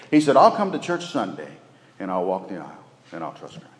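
A man preaching a sermon as pastor, moving between loud urgent pleading and hushed near-whispers. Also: low-pitched, very animated, fast, reverberant, in a large hall. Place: church sanctuary.

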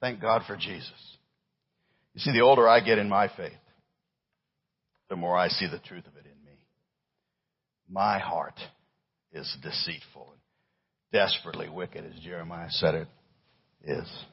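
A man preaching a sermon as pastor, swinging between loud stressed lines and hushed low phrases. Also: a little slow, long pauses, husky, dull audio.

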